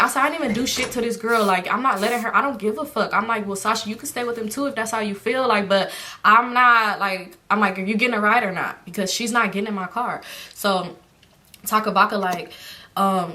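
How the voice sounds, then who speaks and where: Fast-talking woman with a bright voice. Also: medium pitch. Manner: animated, profane, quotes friends in her own voice. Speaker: storyteller. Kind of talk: casual storytime monologue.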